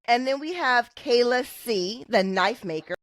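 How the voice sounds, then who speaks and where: A woman's voice: on the high side, expressive, unhurried, no room sound. A woman with a Southern US country accent, co-hosting a podcast in a chatty, opinionated way. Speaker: podcast co-host. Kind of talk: casual podcast chat.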